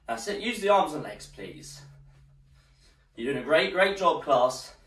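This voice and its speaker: A man's voice: a little high, sing-song, unhurried, a bit bright. A male fitness instructor leading a live workout class, slightly out of breath as he exercises and counts down the rounds. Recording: roomy echo, distant mic.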